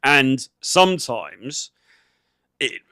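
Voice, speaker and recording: A man's voice: medium pitch, big pitch swings, extremely slow, pushed and bright, clear, resonant tone, no echo. A man hosting a dating advice channel, talking through a clip in a conversational, coaching way with lots of "you know" fillers. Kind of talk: reaction commentary on a clip.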